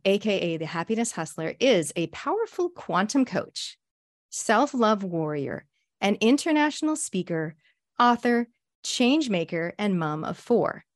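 A woman hosting an interview show, talking with effusive, gushing enthusiasm. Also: mid-range voice. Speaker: show host.

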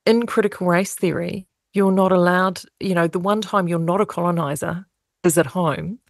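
A woman's voice: on the low side, moderate pace, creaky, dry recording. A woman from New Zealand interviewing a guest, asking long, articulate questions.

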